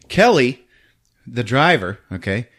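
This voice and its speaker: Man, podcast host, casual movie recap, giggling, very lively pitch, slow pace. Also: breathy edge. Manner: laughs often while retelling scenes, acts out lines in squeaky voices.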